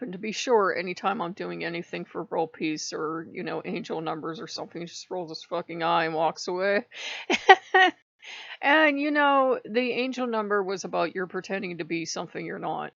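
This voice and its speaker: Gravelly American woman, blunt and swearing. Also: lowish voice, a bit bright, no echo. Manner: blunt, swears freely, laughs often. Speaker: spiritual vlogger. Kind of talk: candid personal monologue. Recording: dull lo-fi dry sound.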